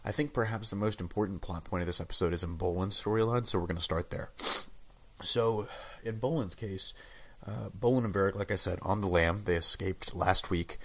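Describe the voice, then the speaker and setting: A man's voice: low-pitched, fairly quick, fairly bright tone, a little hiss or hum. A young man with a sick, under-the-weather voice, casually reviewing a TV episode with lots of fillers and restarts. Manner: rambling, many fillers and restarts. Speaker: TV show reviewer.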